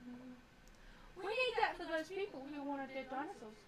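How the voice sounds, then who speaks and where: A woman's voice: high voice, lively intonation, normal speed, recorded from a distance, very noisy. A woman in casual tabletop game chat, playful and eager as she plays her character. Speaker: player.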